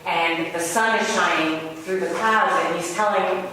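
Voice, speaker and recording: A woman's voice: fairly low pitch, measured pace, sharp tone. A woman giving a conversational sermon to a live audience, telling personal stories with wry humor. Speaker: spiritual speaker. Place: large hall with a live audience. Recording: echoey hall, far off, background hiss.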